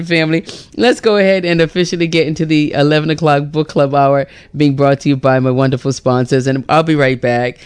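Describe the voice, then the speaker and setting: Woman, radio host, casual chat, animated, quick laughs. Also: deep voice, smooth. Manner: animated, laughs often, acts out voices. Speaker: radio host running a book club hour.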